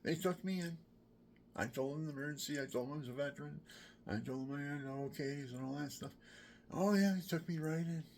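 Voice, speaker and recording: A man in his sixties telling a rambling personal story, drifting between whispered asides and loud exclamations. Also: on the high side, brisk, slight background noise. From Pennsylvania, USA. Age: 60s.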